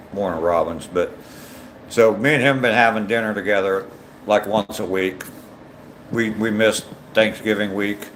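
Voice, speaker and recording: This daily livestreamer, an older Ohio man, strolls outside while calling out viewer names and chatting back, dropping many ums along the way. His voice is low-pitched with a fairly bright tone, and the recording carries a little hiss or hum.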